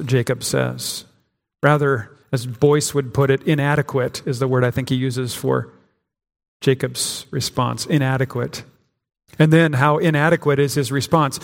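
A man's voice: medium pitch, fairly even intonation, moderate pace, vocal fry. A man preaching a sermon as pastor, in a conversational way with frequent restarts and acted-out quotes. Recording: long hall reverb.

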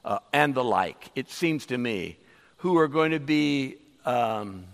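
Animated preaching man in a reverberant hall. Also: mid-range voice, slow pace. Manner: emphatic preaching with many hesitations. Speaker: pastor. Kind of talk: sermon. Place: church sanctuary.

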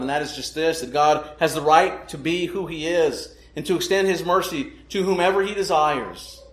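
Male pastor, slightly high voice, emphatic sermon delivery, echoey room. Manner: emphatic, asks rhetorical questions.

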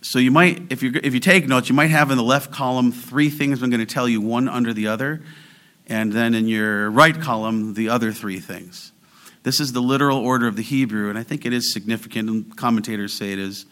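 A man preaching an expository sermon, driving home key words with emphatic rises and reading scripture slowly and deliberately. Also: medium pitch, fairly bright tone. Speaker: pastor.

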